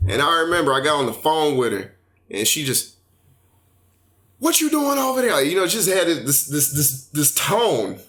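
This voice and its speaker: A young man hosting a casual chat, telling animated stories in slangy, profane talk. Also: fairly high pitch, normal speed. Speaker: podcast host.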